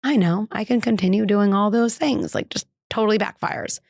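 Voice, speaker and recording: At a normal speed and with a darkish tone, a woman who is a parenting psychologist and podcast host candidly recounts a personal story, sprinkling in many "like"s. When quoting dialogue she performs it in a lifted pitch; the audio is clean studio sound with no echo.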